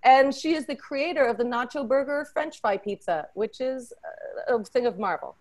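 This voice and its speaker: A woman hosting a podcast, introducing a panel with effusive, excitable energy and playful teasing. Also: high voice, moderate pace. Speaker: podcast host.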